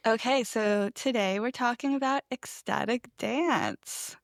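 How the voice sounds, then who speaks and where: A woman's voice: on the high side, unhurried, vocal fry, no room sound, clean studio sound. A young woman from the Pacific Northwest with a light regional accent, co-hosting a podcast in casual chat and laughing often. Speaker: podcast co-host.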